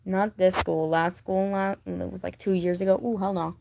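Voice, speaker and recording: A woman's voice: on the low side, little pitch movement, moderate pace, vocal fry, warm tone, slight background noise. A woman vlogger chatting casually about her sketchbook, rambling with many fillers and gushing like a fan. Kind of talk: casual chat.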